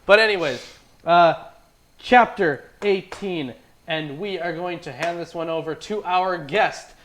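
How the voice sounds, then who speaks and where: Male host, higher-pitched, loose casual talk, casual swearing. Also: a little slow, fairly bright tone. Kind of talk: casual livestream chat.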